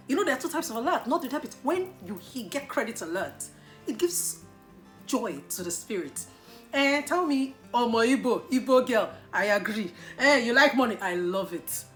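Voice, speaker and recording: Nigerian woman vlogger, lively and teasing, bright tone, soft music bed. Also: mid-range voice. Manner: animated, playful, mock-indignant outbursts. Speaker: YouTuber answering viewer questions. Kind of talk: casual Q&A vlog.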